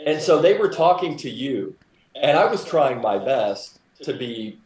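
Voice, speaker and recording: A man's voice: mid-range voice, very animated, measured pace, darkish tone. A man co-hosting a casual podcast, wisecracking dryly and filling in details of a story. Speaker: podcast co-host. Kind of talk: casual chat. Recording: roomy echo.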